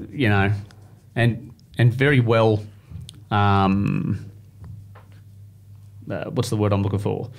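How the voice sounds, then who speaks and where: A guest in a casual chat, this medium-pitched man tells stories energetically, acting out the voices of the people he quotes.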